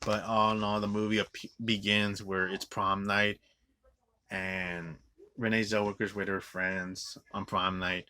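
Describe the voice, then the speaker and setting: Man, low-ish voice with a sharp edge, profane rambling reviewer. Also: flat delivery, unhurried, clean tone. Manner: rambling with constant "like" fillers and restarts; swears often, scornful. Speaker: movie reviewer. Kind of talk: profane ranting movie review.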